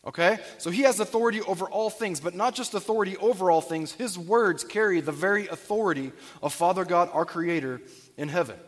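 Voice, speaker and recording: A man's voice: high voice, brisk. A man preaching a Sunday sermon to his congregation, often checking in with questions to the room. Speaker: pastor. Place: church sanctuary. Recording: long reverb of a church hall.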